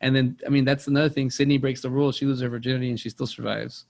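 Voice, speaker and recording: A man's voice: medium pitch, level tone, rapid-fire, vocal fry. A young man, rambling through a casual movie chat on a podcast and repeating words as he tells stories. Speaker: podcast co-host.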